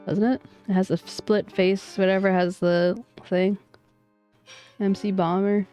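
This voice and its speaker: A woman's voice: medium pitch, level tone, unhurried, warm tone, clear, resonant tone, soft background music. A woman streamer chatting casually while playing a game, rambling and thinking aloud. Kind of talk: casual let's-play commentary.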